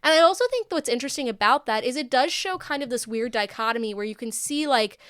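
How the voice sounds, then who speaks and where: A woman's voice: fairly high pitch, expressive, fast, fairly bright tone, smooth. A young adult woman co-hosting a podcast, chatting casually and thinking aloud with lots of filler words. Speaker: podcast co-host. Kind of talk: casual chat.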